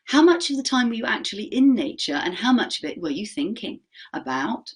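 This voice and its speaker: A woman with a soft, husky, breathy voice leads a mindfulness workshop for teachers. She talks in a middle pitch, keeps asking her listeners questions and checking in with "okay?", then slows into calm, gentle guidance for a short practice. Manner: asks the audience questions, often checks in with "okay?"; slows to a gentle, soothing pace during the practice.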